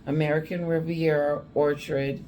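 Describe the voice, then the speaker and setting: A woman's voice: deep voice, flat delivery, moderate pace, muffled recording, over a noisy crowd. A woman vlogging casually at night, sleepy and a little tipsy, rambling as she reacts to news clips. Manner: rambling, drowsy, slightly tipsy. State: sleepy after drinks.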